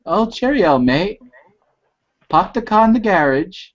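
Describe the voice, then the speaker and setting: Brief: a man hamming up a bad fake British bloke, higher voice, muffled call audio. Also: sing-song, unhurried, exaggerated voice. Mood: mocking. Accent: fake British, unconvincing. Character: mock British bloke, clumsy put-on.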